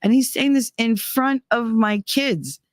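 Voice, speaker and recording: A woman's voice: a little high, unhurried, no echo. A woman hosting a podcast, telling personal stories in a candid, profane, laughing way. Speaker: podcast host. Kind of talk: casual personal storytelling.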